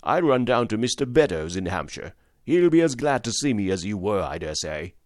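A man's voice: on the low side, very animated, normal speed, no echo, clean studio sound. A man voicing a surly, insolent, half-drunk male servant in a storybook reading, speaking in a sneering, sulky way.

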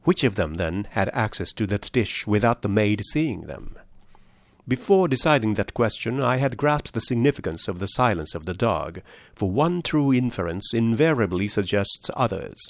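A man reading a story aloud, voicing a shrewd male detective who lays out his deductions in a measured, precise way. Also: fairly low pitch, sing-song, creaky, no room sound. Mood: explaining.

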